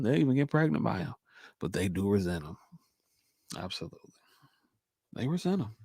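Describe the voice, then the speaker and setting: A man's voice: mid-range voice, very animated, fairly quick, vocal fry, long pauses, a little mellow, no echo. A man from Michigan hosting a casual livestream, talking to his viewers in a laid-back way and repeating his points for emphasis. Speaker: host.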